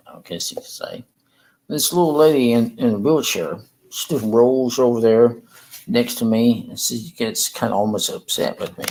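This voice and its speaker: Slow, halting man. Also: medium pitch, a little mellow, rough recording. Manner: halting, rambling, repeats himself. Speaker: livestreamer. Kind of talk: casual livestream chat. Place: room in a rehab facility.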